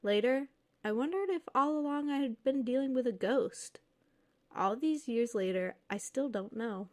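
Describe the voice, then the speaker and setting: A woman co-hosting a podcast reads listener stories aloud steadily, then jokes and laughs freely with her co-host. Her voice sits high and is a little mellow, with lively intonation and a moderate pace.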